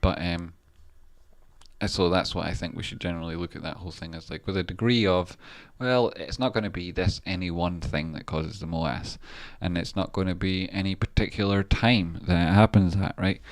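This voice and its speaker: A man who trades and hosts his own channel chats on a casual live stream, musing aloud about stock charts and swearing now and then. His voice sits low, he speaks at normal speed, and there's no room sound.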